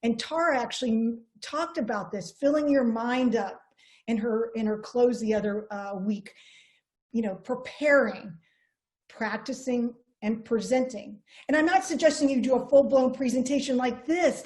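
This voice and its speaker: A woman's voice: on the high side, normal speed, a little mellow. Earnest woman giving a motivational training. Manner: earnest, coaching, repeats herself. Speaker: network marketing trainer.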